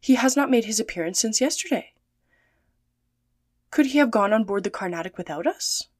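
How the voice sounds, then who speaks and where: A woman doing a soft, anxious young lady. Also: fairly high pitch, expressive, moderate pace, no echo, studio quality.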